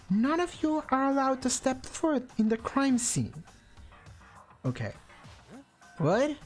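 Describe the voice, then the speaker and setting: A woman voicing a hot-tempered athletic teenage girl in a video game, shouting accusations. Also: high voice, pitched above the performer's own voice.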